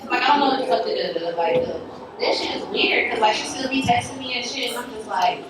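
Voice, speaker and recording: A woman's voice: medium pitch, brisk, very echoey, far from the mic, background noise. A woman telling a story in a casual storytime chat, blunt and profane, often breaking into laughter.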